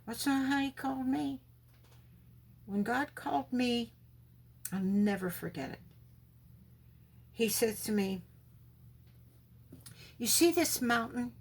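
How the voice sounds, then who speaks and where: A woman's voice: fairly high pitch, steady tone, slow, gravelly, long pauses, darkish tone, husky. A woman giving an emphatic personal religious testimony, acting out the dialogue in her story.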